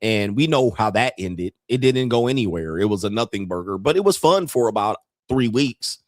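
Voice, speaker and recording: A man's voice: on the low side, lively intonation, moderate pace, dry recording. A man hosting a casual commentary show, talking bluntly and profanely and laughing often between points. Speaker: commentary host.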